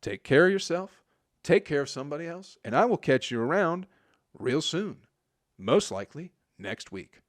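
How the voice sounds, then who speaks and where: A Michigan man in his forties hosts a solo podcast, his voice on the high side, expressive and at normal speed, with no room sound. His rambling monologue is crude and profane, trailing off into mumbles.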